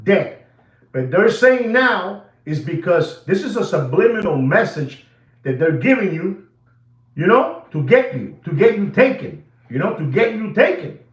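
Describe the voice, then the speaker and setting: Animated man ranting with tinged speech. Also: high voice, unhurried, echoey room, low-quality recording. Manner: repetitive, animated, emphatic, addresses ladies and gentlemen. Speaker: watch channel host. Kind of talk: livestream rant.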